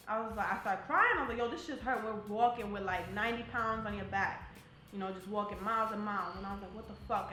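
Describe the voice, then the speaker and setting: A young female army soldier from New Jersey, interviewed about her life, tells stories bluntly and profanely in a pushed, bright, mid-range voice. A slight hiss or hum sits on the audio, along with faint music and a roomy echo.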